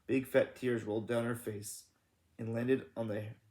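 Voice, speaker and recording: Guy reading a kids chapter book out loud, casual, corrects himself, mid voice. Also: medium pitch, flat delivery, unhurried. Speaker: read-aloud narrator. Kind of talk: children's book read-aloud.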